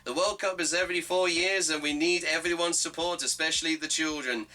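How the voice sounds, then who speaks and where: A man's voice: a little high, steady tone, a little fast, sharp tone, pitched above the performer's own voice. A man doing a German football manager. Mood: rallying. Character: middle-aged German male football manager, encouraging.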